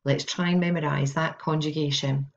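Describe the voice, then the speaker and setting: A woman teaching Spanish verb conjugations in an instructional video, drilling each form slowly and carefully. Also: low-pitched, fairly even intonation. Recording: dull, lo-fi sound.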